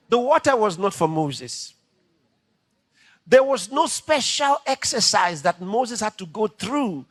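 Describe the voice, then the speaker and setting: A man preaching a dramatic, animated sermon. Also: sits high, slow, no room sound, clean studio sound.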